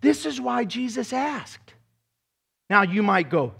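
A male pastor preaching a sermon in an animated way, acting out voices and mocking impressions. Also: very high-pitched, slow pace, vocal fry, slightly rough.

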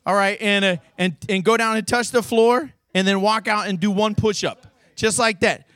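A man's voice: high voice, fairly even intonation, moderate pace, hardly any pauses, fairly bright tone, smooth, dry recording. A man leading a youth sermon, playful and goading, calling out exercise cues to volunteers before an audience.

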